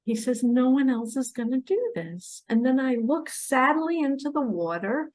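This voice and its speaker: A woman giving an impassioned monologue, swinging between loud pleas and hushed asides. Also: high voice, lively intonation, moderate pace, hardly any pauses. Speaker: self-described spiritual messenger. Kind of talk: emotional monologue to camera.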